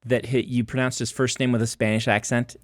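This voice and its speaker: A man co-hosting a podcast who chats casually, full of curious questions and playful teasing. His pitch sits in the middle of the range. The sound is close and dry. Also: level tone, brisk, no room sound. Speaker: podcast co-host. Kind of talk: casual chat.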